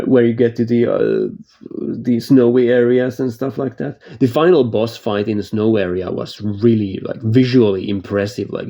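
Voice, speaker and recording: A man who isn't a native English speaker reviews games casually, rambling, restarting sentences, and laughing easily. His voice is fairly low with a dark tone, and the audio sounds dull.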